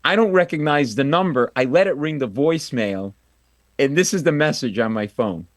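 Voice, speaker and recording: A male comedian tells a story on a radio show, animated and quick to mock himself. He acts out every voice in the story. The sound is dry and close to the mic. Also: medium pitch, no echo. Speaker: comedian guest.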